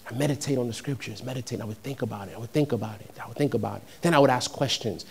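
A young adult man from New York preaching a sermon, shifting between conversational storytelling and loud, emphatic peaks. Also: medium pitch, racing, creaky, husky. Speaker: pastor.

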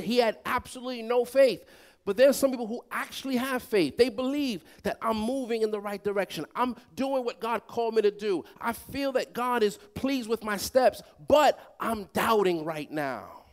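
A man preaching a sermon to a congregation, calling for responses and swinging between loud, emphatic lines and soft, quiet ones. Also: very high-pitched, normal speed.

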